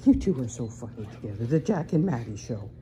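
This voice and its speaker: A woman talking casually to her dog and cat at home, coaxing and gently scolding them. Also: extremely low pitch, very animated, a little fast, a little hiss or hum. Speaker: pet owner. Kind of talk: casual talk to her pets. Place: home indoors.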